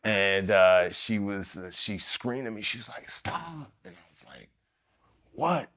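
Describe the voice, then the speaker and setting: A man, a podcast guest telling his story in an animated way, acting out the quotes and using many fillers. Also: lowish voice, moderate pace. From the Bronx, New York. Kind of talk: storytelling interview.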